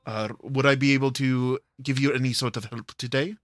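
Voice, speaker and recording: A man's voice: mid-range voice, fairly even intonation, brisk, a bit bright, no echo, clean studio sound, close to an everyday voice. A man voicing a courteous, polite young woman who offers her help in a prim, proper way.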